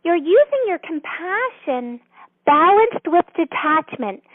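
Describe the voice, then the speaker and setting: Woman guest, high voice, gentle teacherly explainer, tinny dry phone line. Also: big pitch swings, slow pace, dry recording. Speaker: author and guest. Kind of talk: interview explaining a counseling method.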